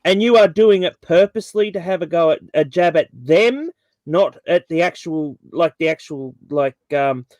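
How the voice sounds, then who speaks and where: A man's voice: on the high side, normal speed, a little mellow, no echo. A man from Tasmania with an Australian accent, chatting casually on a video call as panel host, rambling with lots of fillers.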